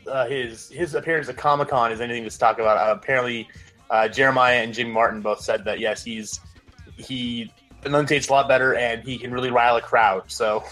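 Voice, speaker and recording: A man's voice: mid-range voice, steady tone, fairly quick, pushed and bright, faint music behind, low-quality recording. A man co-hosting a casual movie podcast, laid-back and full of fillers. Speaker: co-host.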